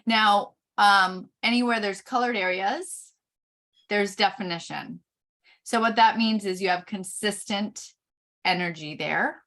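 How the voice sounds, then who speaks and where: A middle-aged woman giving a chart reading, explaining each point slowly with frequent pauses. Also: medium pitch, a bit bright. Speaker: Human Design reader.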